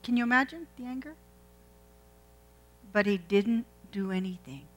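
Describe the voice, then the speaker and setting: In a poorly recorded sermon, a woman retells a scripture story in a chatty, conversational way and puts questions to her congregation. Her voice is medium in pitch and she speaks at a normal speed.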